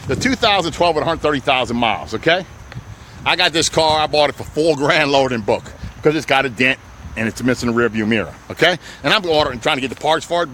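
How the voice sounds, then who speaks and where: A man selling used cars on his lot in a loud, salesy pitch, calling viewers baby and my people. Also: noisy background. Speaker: used car dealer. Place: outdoors on a car lot.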